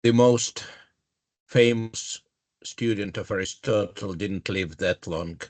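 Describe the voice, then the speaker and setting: A man moderating the session, speaking slowly and in a measured way. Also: on the low side, darkish tone.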